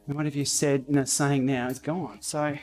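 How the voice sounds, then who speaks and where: A man hosting a casual cycling livestream from his home training room, blunt and outspoken, quick to laugh. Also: mid-range voice, little pitch movement, a little mellow, soft background music. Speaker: cycling YouTuber and livestream host. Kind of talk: casual livestream chat while riding.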